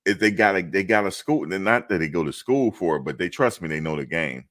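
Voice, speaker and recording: A man from New Jersey telling a travel story to camera in a casual, animated, slangy way, repeating himself for emphasis. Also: sits low, fairly quick.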